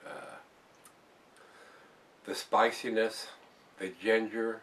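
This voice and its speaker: A man's voice: on the low side, steady tone, very slow, creaky, a bit bright, recorded from a distance. A man casually reviewing a beer for viewers, rambling and repeating words as he talks.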